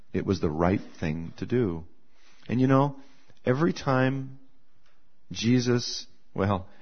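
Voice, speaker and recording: A male pastor delivering a morning sermon in a relaxed, conversational way. He keeps repeating his phrases and slips into the voices of the people he quotes. His voice sits at a middle pitch, and the recording sounds a little muffled and lo-fi. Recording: slightly dull lo-fi sound.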